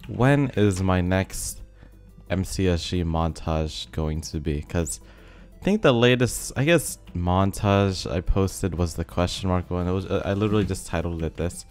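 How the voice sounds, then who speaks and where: Chill young guy rambling over gameplay, real low voice, kinda rough like he's sick, quiet music behind. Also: animated, measured pace. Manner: rambling, filler-heavy, laid-back. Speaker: gaming video host. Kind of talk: casual commentary over gameplay. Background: faint background music.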